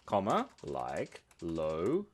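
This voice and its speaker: A man's voice: low-pitched, wildly swooping pitch, very slow, slightly rough. A man in his thirties, a cartoonist hosting a casual live stream, rambling and giggling as he reads the chat at his computer. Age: 30s. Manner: rambling, giggly and playful, often laughing.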